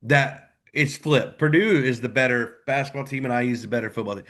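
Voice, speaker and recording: A man co-hosting a live sports podcast, ranting with sudden swings between loud outbursts and low mutters. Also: a little fast, hardly any pauses. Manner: ranting, animated, jumps between loud and quiet. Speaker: podcast co-host. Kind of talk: live postgame sports chat.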